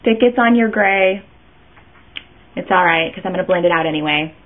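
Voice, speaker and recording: A woman's voice: on the low side, fairly quick. A woman chatting her way through a makeup tutorial, rambling and interrupting herself as she goes. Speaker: beauty vlogger. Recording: tinny phone-like sound.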